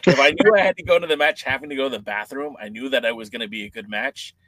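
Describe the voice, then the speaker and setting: A man hosting a podcast, asking rambling, halting questions in a casual chat. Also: mid-range voice, fairly bright tone, no echo, rough recording. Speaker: podcast host. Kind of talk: casual interview.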